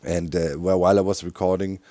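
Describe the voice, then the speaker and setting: A man's voice: sits low, flat delivery, a little fast, dark tone, no room sound. A middle-aged man with a German accent, tired, giving rambling gaming commentary with frequent chuckles and many fillers. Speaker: gaming YouTuber.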